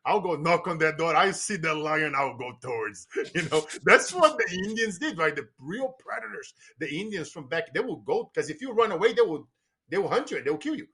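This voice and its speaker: A man from Brazil with a Brazilian accent, a podcast guest telling stories in an animated, emphatic way and often laughing. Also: a little high, brisk, slightly rough. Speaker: podcast guest, business coach. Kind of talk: casual storytelling conversation.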